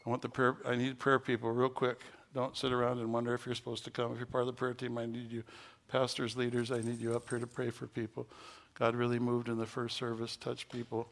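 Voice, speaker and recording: This sermon comes from a pastor speaking a little fast at medium pitch. He narrates a story to the congregation, growing loud and excited at the high point, and also leads prayer.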